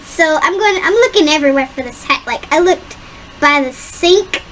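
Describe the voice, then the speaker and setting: Brief: young woman, high voice, giggly, self-mocking storyteller. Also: expressive, normal speed, a bit bright, slight background noise. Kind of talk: casual storytelling while drawing.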